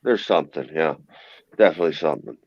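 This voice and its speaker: A man's voice: extremely low pitch, expressive, fast talker, slightly rough, no room sound, muffled recording. A man who is a guest in a casual chat, answering in short, dry remarks.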